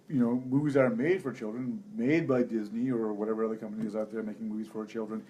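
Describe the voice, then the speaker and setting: Man, guest co-host. Reflective storyteller, lots of "uh"s, mid pitch. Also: mellow. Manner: reflective, storytelling, many fillers. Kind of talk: casual chat. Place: indoors at a family vacation spot.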